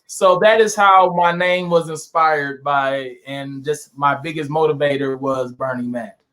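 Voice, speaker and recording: A man from Saint Louis, a guest in a casual interview, telling animated anecdotes with lots of fillers. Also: fairly high pitch, a little slow. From Saint Louis, USA. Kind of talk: casual storytelling chat.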